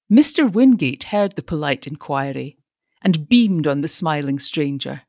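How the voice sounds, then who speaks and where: A woman's voice: sits low, lively intonation, unhurried, a little mellow, no room sound, clean studio sound. A woman narrating an audiobook, reading expressively.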